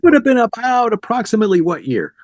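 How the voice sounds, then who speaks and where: A man's voice: high-pitched, very animated, fast talker. A man interviewing a musician, putting in brief, prompting questions.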